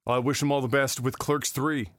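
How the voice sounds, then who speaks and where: A man's voice: medium pitch, little pitch movement, fairly quick, a bit bright, no room sound, studio quality. A man hosting a casual podcast, chatting and rambling about movies and games, swearing freely. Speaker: podcast host. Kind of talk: casual chat.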